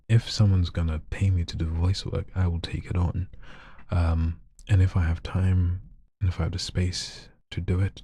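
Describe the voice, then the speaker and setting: A man chatting casually on a live stream, soft-spoken and shy, often slipping into whispers. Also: sits low, slightly rough, no echo. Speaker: live streamer and hobby voice artist.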